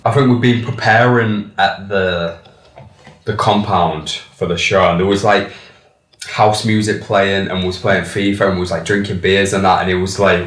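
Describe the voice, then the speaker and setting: Young Hull musician, low voice, chatty storyteller who swears, echoey room. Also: male voice, fairly even intonation, moderate pace, a bit bright. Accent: Hull, England. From England. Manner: chatty, swears freely, acts out quotes. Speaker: musician in a band. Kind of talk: casual storytelling interview.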